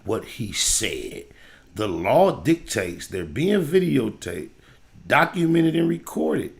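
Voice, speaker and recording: A man hosting a livestream, reacting to a video in casual commentary, animated and preachy, going from loud hype to low lecturing. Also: slow, vocal fry.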